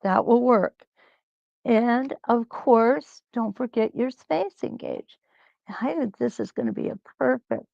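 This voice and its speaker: A woman hosting a live quilt-along, talking slowly and reassuringly as she thinks aloud through each stitching step. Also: a little high, vocal fry, no room sound, highs cut off. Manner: slow, reassuring, thinks aloud while sewing.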